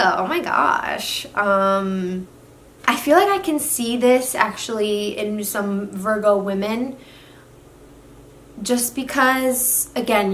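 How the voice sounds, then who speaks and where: A young woman talking casually to camera about astrology, chatty and filling her talk with "literally" and "like". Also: medium pitch. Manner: chatty, says "literally" and "like" a lot. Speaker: astrology vlogger. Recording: echoey room with faint noise.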